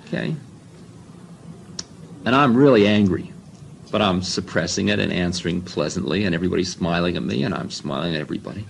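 A man's voice: low voice, a little fast, vocal fry, pauses often, noisy background. A man telling a rambling first-person story, full of asides and self-mocking remarks.

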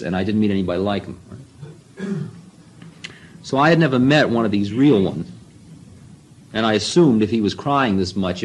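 A man's voice: lowish voice, low-quality recording. A man telling a rambling first-person story, full of asides and self-mocking remarks.

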